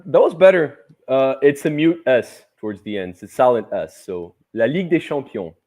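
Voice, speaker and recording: A man co-hosting a casual football podcast, relaxed and friendly, a little hesitant, with a first language other than English. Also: mid-range voice, moderate pace. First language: not English. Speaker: podcast co-host.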